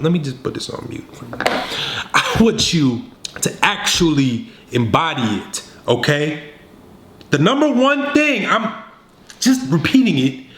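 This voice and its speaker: Animated man giving blunt dating advice. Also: sits high, echoey room. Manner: animated, slangy, scolding the viewer. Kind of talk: direct-to-camera coaching.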